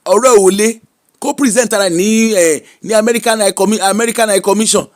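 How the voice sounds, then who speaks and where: High-voiced Nigerian man giving emphatic advice. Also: fast talker. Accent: Nigerian, Yoruba-inflected. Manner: preachy and emphatic, mixing Pidgin and Yoruba, frequent laughs. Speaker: social media commentator. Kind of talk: animated casual commentary.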